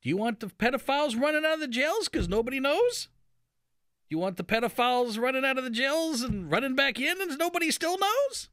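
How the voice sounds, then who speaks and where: A man hosting a radio show, giving folksy, sarcastic commentary. His voice sits high and sounds bright and forceful. His pitch swoops widely, and the sound is dry and close. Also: very animated, a little fast, no room sound. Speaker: radio talk show host.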